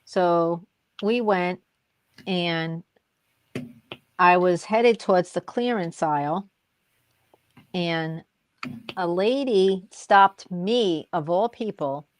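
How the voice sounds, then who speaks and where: A woman who runs a crafting YouTube channel, telling an unhurried story in casual chat with fillers and soft laughs. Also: on the low side, a little hiss or hum.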